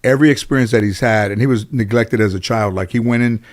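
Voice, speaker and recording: A man's voice: lowish voice, fast. A middle-aged man, a guest in an interview, telling casual stories in a rambling way full of "you know". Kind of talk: casual storytelling.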